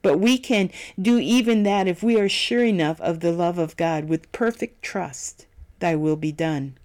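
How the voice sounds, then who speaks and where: A solemn devotional reader who moves at a measured, unhurried pace through a scripted meditation. The voice sits at an ordinary middle pitch, and the speaker reads each scripture reference out plainly. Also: darkish tone.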